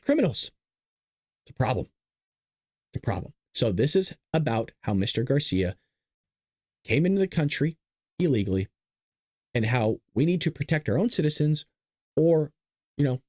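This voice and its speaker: A man's voice: a little high, darkish tone, dry recording, studio quality. A man hosting a live-streamed political commentary show, ranting sarcastically and answering viewer chat. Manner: sarcastic, ranting, mocks opponents.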